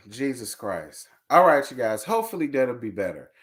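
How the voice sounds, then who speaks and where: A man hosting a casual live review from home, talking in a sassy, animated, gossipy way and calling his viewers y'all and girl. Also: medium pitch, measured pace, slightly rough. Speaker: host of a reality TV live review show.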